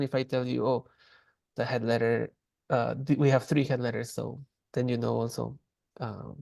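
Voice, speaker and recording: Male teacher, gravelly voice, dry close sound, casual lecture with frequent self-corrections. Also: medium pitch, a little mellow, no echo. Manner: casual, many restarts, demonstrates sounds. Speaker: language teacher. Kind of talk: online class lecture.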